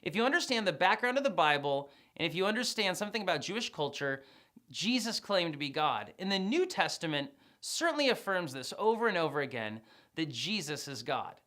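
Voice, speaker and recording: Give me a woman teaching a video Bible lesson with a lively, swooping pitch. She talks casually but leans hard on her key points. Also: brisk. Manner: animated, emphatic, conversational.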